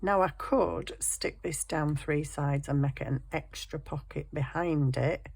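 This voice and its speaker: A woman's voice: low voice, a little slow, gravelly, a little mellow, slightly rough, dry recording. A woman chatting casually and rambling cheerfully about her craft project at her home desk. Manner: rambling, self-deprecating, chatty. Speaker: craft vlogger.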